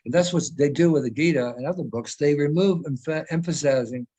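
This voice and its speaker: An older man with a voice a little higher than most men's speaks over a video call. He makes his points earnestly and with emphasis, often stopping and restarting his sentences as he goes. The tone is conversational rather than scripted. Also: brisk, mellow, breathy edge, rough recording. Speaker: guest speaker.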